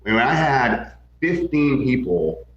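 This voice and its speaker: A man's voice: medium pitch, sing-song, unhurried, fairly bright tone. A man who works as a real estate broker, telling stories as a guest in a casual interview with many fillers and restarts. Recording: echoey, dull lo-fi sound.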